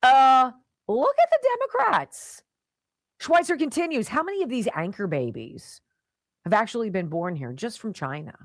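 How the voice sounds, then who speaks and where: A middle-aged woman hosting a talk radio show, delivering an animated, emphatic opinion monologue with mocking asides. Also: medium pitch, normal speed, no room sound.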